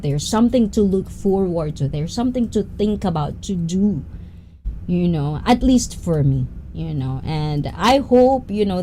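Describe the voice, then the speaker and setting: A woman's voice: on the low side, mellow, slight background noise, low-quality recording. A woman hosting a casual livestream, chatting and sharing her views. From Japan and the Philippines. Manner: chatty, greets viewers by name, laughs often. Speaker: livestream host. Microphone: sensitive desk mic.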